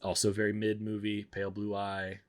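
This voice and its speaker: This man reviews films on a stream, talking in a low-leaning monotone at normal speed. His casual chat is blunt and meandering, and he frequently interrupts himself partway through a thought.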